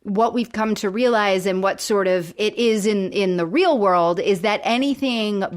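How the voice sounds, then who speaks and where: A woman in casual podcast chat, talking things through at a mid pitch. She explains at length and often stops to restart a thought. Her tone stays relaxed and conversational. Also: normal speed. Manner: explanatory, lots of fillers and restarts. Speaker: podcast co-host.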